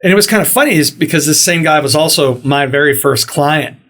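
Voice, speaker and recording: Animated storytelling man, fairly high voice. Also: brisk. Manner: animated storyteller, acts out quoted dialogue. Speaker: podcast host. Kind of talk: casual storytelling interview.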